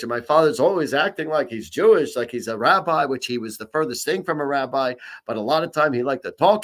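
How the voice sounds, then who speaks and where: A middle-aged man hosting a psychic reading show, chatting casually with viewers, rambling through stories and cracking jokes. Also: medium pitch. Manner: rambling storyteller, jokey, many restarts. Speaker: psychic and comedian host. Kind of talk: casual live-stream chat and horoscope reading.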